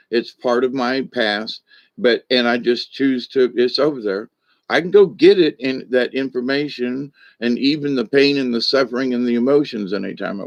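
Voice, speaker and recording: A man's voice: mid-range voice, vocal fry, no echo. A man in his sixties, a spiritual teacher, talking through his thoughts in a reflective monologue with frequent restarts and asides. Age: 60s.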